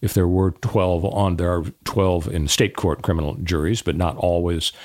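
A man's voice: low-pitched, steady tone, normal speed, a little mellow. A middle-aged man hosting a casual political talk show, full of sarcastic mock-surprised asides. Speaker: podcast host.

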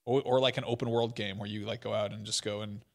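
A man's voice: fairly low pitch, fairly even intonation, quick pace, vocal fry. A man co-hosting a podcast in casual chat, loose, rambling and joking. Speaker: podcast co-host.

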